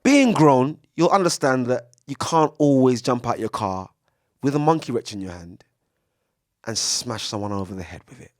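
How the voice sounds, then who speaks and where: A young man with gives a casual, preachy podcast monologue, swearing freely and swinging between loud bursts and hushed asides. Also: mid-range voice, expressive, moderate pace, no echo, clean studio sound. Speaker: podcast speaker. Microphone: studio mic.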